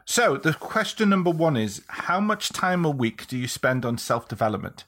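Brief: male interview host, animated pitch, easygoing encouraging replies. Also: moderate pace. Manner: short encouraging replies, hands off questions. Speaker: podcast host. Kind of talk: casual interview chat.

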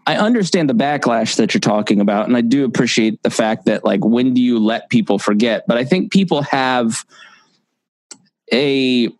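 A man's voice: medium pitch, expressive, moderate pace, dry recording, poor audio. Man chatting with restarts, dry sound. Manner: frequent restarts and repeated words. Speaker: podcast host. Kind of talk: casual conversation.

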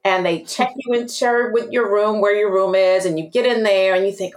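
A woman's voice: medium pitch, moderate pace, few pauses. A woman speaking as a guest expert on emotional intelligence in an interview, telling vivid stories and acting out examples. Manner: animated storyteller acting out examples. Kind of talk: interview conversation.

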